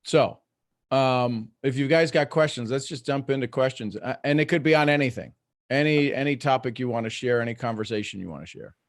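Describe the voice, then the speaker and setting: In a live online coaching talk, the middle-aged host explains his ideas sincerely, frequently starting sentences over. His medium-pitched voice moves fairly quickly, and the studio-quality recording has no echo.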